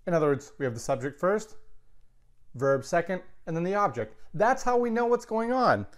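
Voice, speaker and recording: A man with a slightly high voice teaches a Latin lesson. He walks through grammar step by step and slows down to repeat key words. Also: very animated. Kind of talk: recorded classroom lecture.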